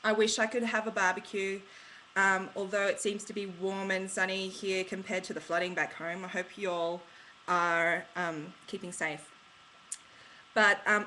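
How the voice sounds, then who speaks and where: A woman's voice: mid-range voice, steady tone, unhurried, pushed and bright, slight background noise, poor audio. An Australian woman from Australia chatting in a casual, bubbly vlog, slangy and rambling as she talks. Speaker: vlogger.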